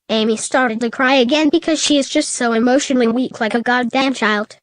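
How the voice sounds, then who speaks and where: A woman narrating a comedic fan story in a flat, deadpan reading. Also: a little high, brisk, hardly any pauses, no room sound.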